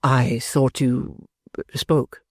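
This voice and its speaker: A man voicing a grave, thoughtful middle-aged gentleman in an audiobook, speaking slowly and in a measured way. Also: fairly even intonation, slightly rough, dry recording, studio quality, heavily acted. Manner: slow, measured, low.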